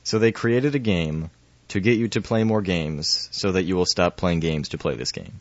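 Very deep-voiced man joking in chat. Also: no room sound, muffled recording. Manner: quick, playful, laughs often. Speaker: podcast co-host. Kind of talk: casual chat.

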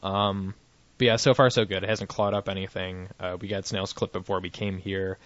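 A man's voice: sits low, little pitch movement, moderate pace, a bit bright, no echo. A man chatting casually on a podcast, laughing often and rambling with restarts and fillers. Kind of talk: casual chat. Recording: dry, dull lo-fi sound.

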